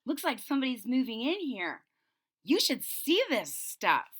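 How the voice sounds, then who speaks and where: A woman reading a picture book aloud to children, pausing to explain the story. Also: sits high, big pitch swings, a bit bright. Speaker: storybook reader.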